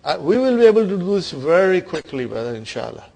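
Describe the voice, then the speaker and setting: A man teaching Quranic Arabic grammar with a South Asian English accent. He rattles off verses fast, then explains slowly in English and keeps checking in with "are you with me, brothers and sisters?". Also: sits high, big pitch swings, creaky, warm tone, a little hiss or hum. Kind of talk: classroom lesson on Quranic grammar.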